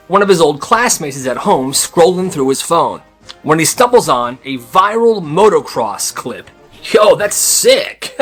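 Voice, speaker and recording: A young man tells stories in a bouncy, chatty way, his voice swinging up and down with energy. He laughs as he goes and slips into the characters' voices. His tone is slightly breathy over faint background music. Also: sits high, a bit bright. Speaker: storyteller. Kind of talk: animated storytime narration.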